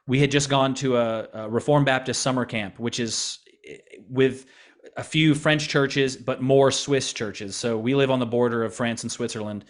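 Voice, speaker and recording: Man, American accent, pastor, earnest, conversational, restarts often, mid-pitched voice. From United States. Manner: earnest, frequent restarts and repeated words. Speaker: pastor and missionary in France. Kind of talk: conversational interview answers.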